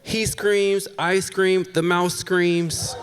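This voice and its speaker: A man's voice: high voice, level tone, extremely slow, noisy background. A man telling a funny personal story on stage, animatedly acting out everyone's lines in shifting voices. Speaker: live storyteller. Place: theater stage before a live audience. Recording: long hall reverb from a live stage.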